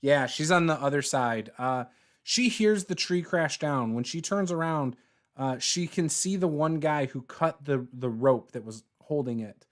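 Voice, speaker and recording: A man running a tabletop game as dungeon master, relaxed and quick to laugh. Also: on the high side.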